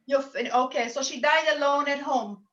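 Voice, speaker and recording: Woman medium on a lo-fi video call, high and bright, earnest, relays spirit messages in quotes. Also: normal speed. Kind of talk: mediumship reading at a church service.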